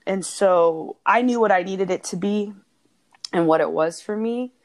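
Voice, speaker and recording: Here a podcast co-host speaks in a medium-pitched, slightly slow voice. She's casual, earnest and heartfelt, and she laughs often as she talks.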